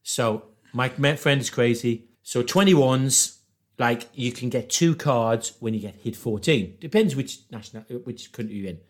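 A man's voice: mid-range voice, measured pace. A man telling a rambling story in casual chat, laughing and acting out voices. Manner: animated, laughs through his stories, acts out voices.

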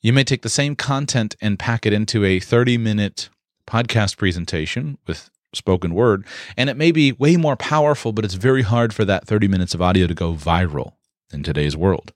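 A man giving an instructional talk on communication, explaining in a measured way with occasional fillers. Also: on the low side, no echo, clean studio sound.

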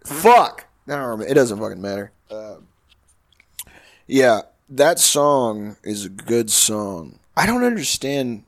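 A man's voice: very animated, a little slow. A young man co-hosting a podcast, joking crudely and swearing a lot. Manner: profane, joking, breaks into falsetto singing. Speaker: podcast co-host. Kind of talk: crude casual banter. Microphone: headset mic with headphones.

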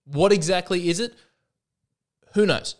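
A man's voice: high voice, unhurried. A man hosting a solo comedy podcast, talking in a wry, self-mocking way and acting out the voices in his jokes. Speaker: podcast host.

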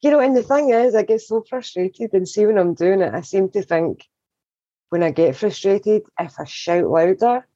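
A woman's voice: medium pitch, animated, moderate pace, warm tone, dry recording, highs cut off. A woman from Scotland with a Scottish accent, a guest in casual podcast chat who laughs often.

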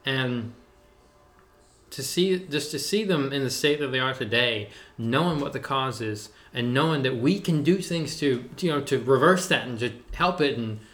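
A man's voice: medium pitch, expressive, normal speed, fairly bright tone. A young adult man chatting casually on a podcast, laid-back and enthusiastic, with a lot of "dude". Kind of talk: casual chat. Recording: roomy echo.

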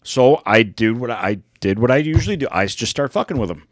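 American dude on a podcast, swears a lot, sarcastic, dry close sound. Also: male voice, mid-range voice, animated, a little fast, no room sound. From United States. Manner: profane, sarcastic storyteller. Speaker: podcast co-host. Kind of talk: casual chat.

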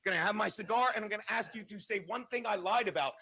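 A man with a high, bright voice and a husky edge rants at length and swears freely. He speaks as a guest on a loose livestream. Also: quick pace. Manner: combative, profane ranting. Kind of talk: ranting livestream commentary.

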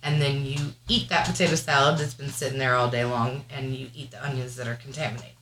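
A woman tells stories on a casual podcast with lively, animated energy, breaking into laughs and putting on voices. Her tone is bright and forward. She is recorded in an echoey room with a faint hiss behind her. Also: rumbling low, quick pace. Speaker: guest mom.

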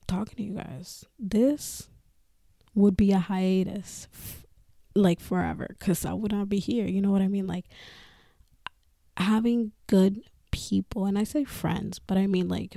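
A woman talks openly on her podcast, swearing freely and laughing between phrases. Her voice is gravelly and dark. The sound is dry and close. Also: mid-range voice, dry recording. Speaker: podcast host. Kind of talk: casual personal talk.

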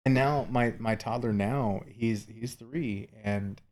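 A man co-hosting a casual podcast chat, telling animated, profane stories. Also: lowish voice, slow. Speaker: podcast co-host.

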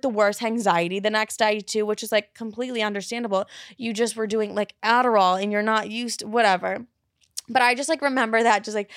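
A young woman in her twenties hosting a podcast, telling story times in an excited, rambling, profane way with lots of "like.". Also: medium pitch, no room sound, clean studio sound. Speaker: podcast host. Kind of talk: casual story time. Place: New York.

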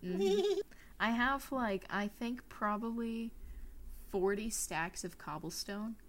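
Young woman, podcast co-host, casual chat, giggly, animated, swears. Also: fairly high pitch, takes it slowly, a little hiss or hum.

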